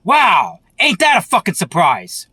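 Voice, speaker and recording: A man vlogs an angry political rant, cursing freely and circling back over the same points. His voice sits high for a man. The sound is close and dry, with no room behind it. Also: wildly swooping pitch, a little slow, sharp tone, husky, dry recording. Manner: profane, heated, repetitive. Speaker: vlogger.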